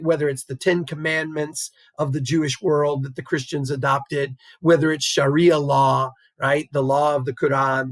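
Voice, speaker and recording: A man's voice: a little high, dry recording. A man teaching a recorded geography lecture in a conversational way, often checking in with "right?" and chuckling as he explains. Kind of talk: recorded classroom lecture over slides.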